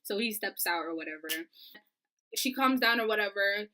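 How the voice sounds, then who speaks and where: A young woman telling a storytime vlog, animated and profane, acting out the dialogue. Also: mid-range voice, moderate pace, a little hiss or hum, rough recording. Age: young adult. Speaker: vlogger.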